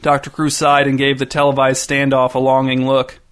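A man narrating a short story in an even, dry reading style. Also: mid-range voice, normal speed, smooth.

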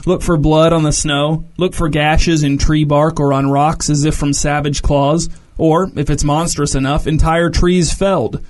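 A man's voice: on the high side, little pitch movement, a little slow, hardly any pauses, natural voice. A man reading the lines of a brash, stubborn king who gives blunt orders, in a storybook reading. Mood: commanding.

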